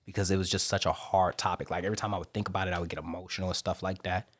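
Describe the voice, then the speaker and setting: A man talks fast as a podcast guest, driving his points home with an emphatic, preaching push. His voice sits a little low and jumps up when he presses a point. The sound is dry and close. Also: steady tone, dry recording. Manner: emphatic, preaching, swings in pitch and loudness. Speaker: podcast guest, motivational speaker. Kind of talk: casual interview talk.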